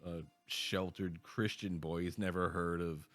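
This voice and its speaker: Low-voiced man telling rambling stories. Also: fairly even intonation, measured pace, fairly bright tone. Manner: rambling storyteller, swears a lot. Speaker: podcast host. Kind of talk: casual chat.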